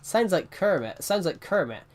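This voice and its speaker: A man's voice: high-pitched, big pitch swings, moderate pace. A young man streaming a game, chatting casually and rambling between laughs. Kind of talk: casual live-stream chat.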